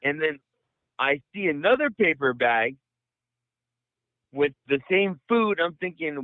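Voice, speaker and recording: A young man from the Bay Area telling a long profane story on a podcast, rambling and animated. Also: a little high, takes it slowly, long pauses, no room sound. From San Francisco Bay Area. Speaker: podcast host. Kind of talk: casual storytelling. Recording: dry, phone-like audio.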